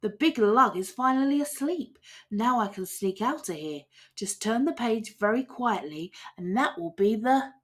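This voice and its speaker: Cheeky storybook boy, quick and excited, sing-song delivery; woman reader voicing him. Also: a little high, breathy edge, pitched above the performer's own voice, heavily acted. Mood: hushed. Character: cheeky boastful boy Jack.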